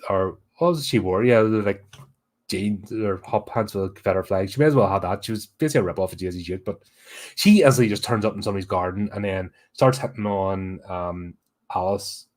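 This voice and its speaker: A man's voice: fairly low pitch, brisk. A man hosting a horror podcast, giving a blunt, sweary and exasperated casual film review.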